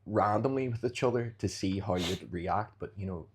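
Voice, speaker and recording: A man's voice: fairly low pitch, moderate pace, a little hiss or hum. A man, a jiu-jitsu fighter, chatting as a podcast guest and animatedly acting out street scenarios. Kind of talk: casual interview chat.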